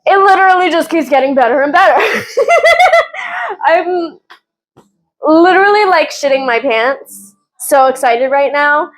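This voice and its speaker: A woman giving casual, excitable reading updates as a book vlogger, gushing and often giggling. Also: sits high, moderate pace, poor audio.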